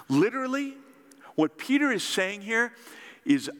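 A man preaching with a bright, ringing voice that swings widely up and down as he acts out the story. His words carry a long reverb, as from a big church hall. He pulls the congregation in with call-and-response. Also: fairly high pitch, moderate pace. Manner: animated storytelling, acting out dialogue with audience call-and-response. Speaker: pastor. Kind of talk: sermon.

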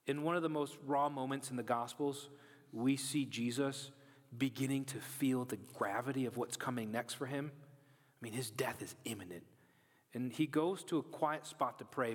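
A man preaching a sermon as a pastor, telling the story in a casual, animated way and dropping to hushed tones. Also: mid-range voice, breathy edge. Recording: long hall reverb.

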